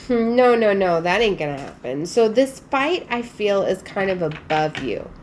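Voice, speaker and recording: A woman's voice: medium pitch, sing-song, normal speed, slight background noise. A woman giving a casual spiritual tarot reading, chatty and emphatic, with frequent fillers. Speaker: tarot reader.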